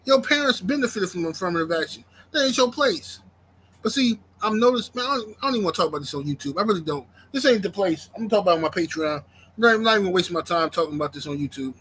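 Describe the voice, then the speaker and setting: A man in rants on his livestream, circling back over his points and answering chat as he goes. His voice sits high and sounds bright and edgy. A faint hiss runs underneath. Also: expressive, quick pace, poor audio. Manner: ranting, repeats himself, reads chat aloud. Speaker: YouTube livestream host. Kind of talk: casual livestream rant.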